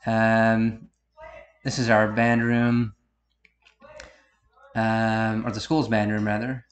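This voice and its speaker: This video commentator, a thirtysomething man from upstate New York, has a fairly low voice with little pitch movement. He meanders unhurriedly through a DVD-style commentary, correcting himself as he goes, and the room sounds echoey.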